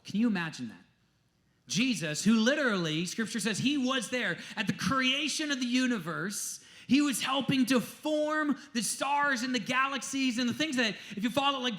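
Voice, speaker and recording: Animated, emphatic preacher with a higher voice. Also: male voice. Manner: animated, emphatic storytelling with sudden drops to a hush. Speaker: pastor. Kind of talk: sermon.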